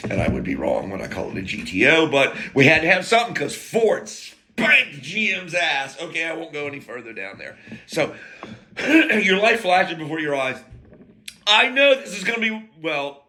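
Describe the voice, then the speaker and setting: A man's voice: fairly high pitch, huge pitch swings, moderate pace, pushed and bright, a little hiss or hum. An American man telling a rambling, profane story in a casual monologue, full of jokey asides and broken-off sentences. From United States.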